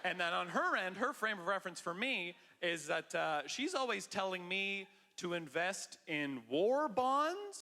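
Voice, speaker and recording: High bright man doing stand-up. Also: measured pace, hardly any pauses. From Canada. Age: 30s. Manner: loud, excitable, mock-bravado delivery. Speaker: stand-up comedian. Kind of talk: stand-up comedy set. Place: large theater stage. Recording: live stage audio with long hall reverb.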